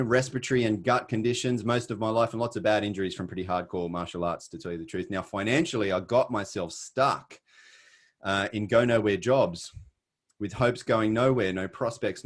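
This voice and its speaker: A middle-aged Australian man with an Australian accent, giving an earnest motivational webinar talk with many fillers and restarts. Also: fairly low pitch. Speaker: webinar presenter. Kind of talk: motivational presentation.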